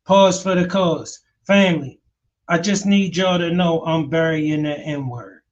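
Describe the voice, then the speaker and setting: A podcast host delivers earnest, preachy, opinionated commentary and addresses his listeners as family. His voice is on the high side and measured in pace, with the highs cut off.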